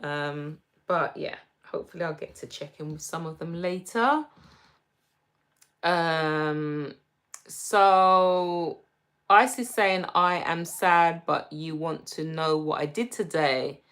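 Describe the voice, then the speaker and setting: Slow, gentle London woman. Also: sits low. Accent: London English. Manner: slow, gentle and reassuring, reads viewer comments aloud. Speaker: livestream host. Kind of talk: casual livestream chat reading comments.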